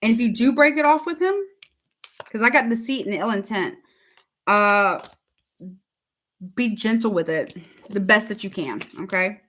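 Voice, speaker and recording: A woman's voice: medium pitch, unhurried, pauses often, fairly bright tone, a little hiss or hum. A woman giving a casual live tarot reading, chatty and repetitive, calling her viewers honey. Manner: chatty, repeats herself, calls viewers honey. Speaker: tarot reader.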